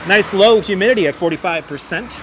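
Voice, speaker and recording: A livestream host with a high-sitting, lively, brisk voice walks busy city streets, greeting viewers by name and reading chat during a live walking tour. He's on a wireless clip-on mic with a gimbal-mounted phone camera, and faint traffic hums in the background.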